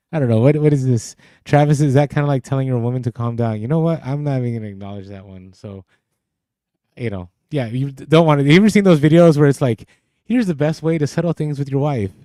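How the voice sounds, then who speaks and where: A man's voice: medium pitch, brisk, mellow, clear, resonant tone, no room sound. A man co-hosting a casual podcast, reading out listener comments and laughing often, speaking close into a studio mic. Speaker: podcast co-host. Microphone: podcast studio mic, too close at times.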